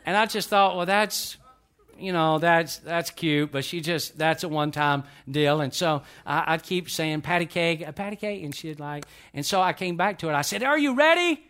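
A man's voice: on the high side, fairly even intonation, normal speed, fairly bright tone, smooth. An older man preaching a sermon in a folksy way, telling stories and asking the congregation questions. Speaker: pastor.

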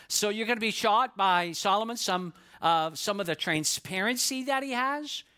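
Male pastor, bright and slightly high voice, folksy conversational sermon delivery. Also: brisk, few pauses. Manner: folksy storytelling, conversational asides. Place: church.

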